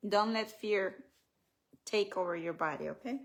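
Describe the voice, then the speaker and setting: A woman leading a live spiritual healing reflection, speaking gently, repeating affirmations and reading aloud from her own book. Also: medium pitch, moderate pace. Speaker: author and healing coach.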